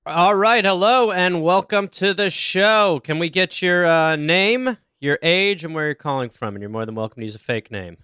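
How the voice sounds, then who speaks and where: Jokey man with a smooth voice. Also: high-pitched, moderate pace, hardly any pauses, pushed and bright, dry recording, clean studio sound. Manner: jokey, playful. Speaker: podcast co-host. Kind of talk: casual chat.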